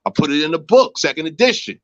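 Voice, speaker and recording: A man in his thirties hosting a casual livestream chat, talking in an animated, slangy way. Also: on the high side, fast talker, dry recording, highs cut off. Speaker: host. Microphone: phone.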